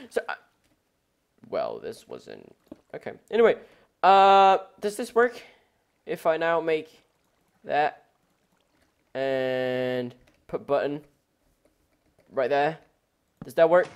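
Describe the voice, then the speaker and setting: A man narrating his own gameplay in a loose, rambling way, and his pitch swings widely from low mutters to high outbursts. He gets excitable and shouts at the creatures he meets, then drifts back into casual chatter. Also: unhurried. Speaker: gameplay commentator. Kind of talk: casual let's-play commentary.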